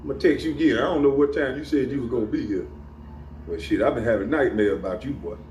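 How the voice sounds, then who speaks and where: With a medium-pitched, darkish voice at a quick pace, a middle-aged vlogger confronts the camera in a profane rant, taunting and chuckling at his own digs. The echoey room leaves him off-mic, with faint ambience and slight background noise.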